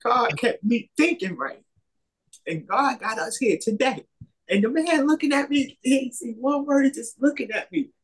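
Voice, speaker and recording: A man with a husky, slightly rough voice tells a personal faith story in a loose, conversational way. He keeps repeating himself and acts out what others said as he goes. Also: very high-pitched, lively intonation, normal speed. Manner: rambling, repetitive retelling with many quoted exchanges. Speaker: storyteller sharing a faith testimony. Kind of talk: casual spoken testimony.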